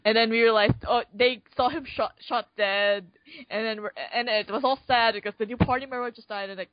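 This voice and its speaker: A woman's voice: fairly high pitch, fairly even intonation, brisk, dry recording, highs cut off. A woman co-hosting a casual movie podcast, rambling with many restarts. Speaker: podcast co-host.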